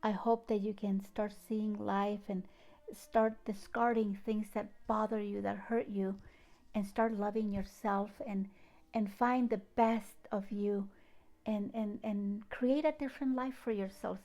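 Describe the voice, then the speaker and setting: A woman with a foreign accent speaks in a soft, unhurried, heartfelt way. Her tone is warm and mellow, with a gravelly edge of vocal fry. She shares inspirational thoughts and reads poetry aloud, sometimes dropping into hushed asides. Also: mid-range voice, fairly even intonation. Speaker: spiritual channel host. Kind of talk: gentle inspirational talk and poem reading.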